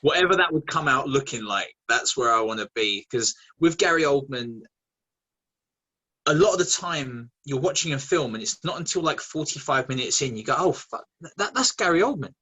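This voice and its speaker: A man, a guest actor chatting casually in an interview, animated and quick to laugh. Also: medium pitch, slightly rough, muffled recording. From England. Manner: animated, laughing, many restarts.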